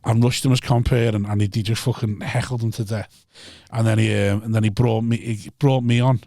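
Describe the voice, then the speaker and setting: A man's voice: medium pitch, little pitch movement, brisk, dark tone, no echo, studio quality. A man, a stand-up comedian telling rambling, sweary stories in a casual podcast chat.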